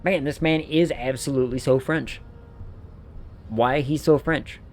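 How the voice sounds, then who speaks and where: A man's voice: medium pitch, fairly even intonation, measured pace. A man streaming a game, riffing with playful mock outrage and rambling enthusiasm. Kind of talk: casual gameplay commentary.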